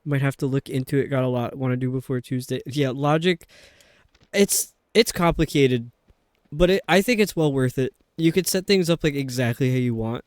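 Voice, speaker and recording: A woman's voice: rumbling low, moderate pace, darkish tone, dry recording, clean studio sound. A woman streamer chatting casually over a video game, rambling and poking fun at herself. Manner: chatty, rambling, self-mocking. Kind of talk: casual livestream commentary.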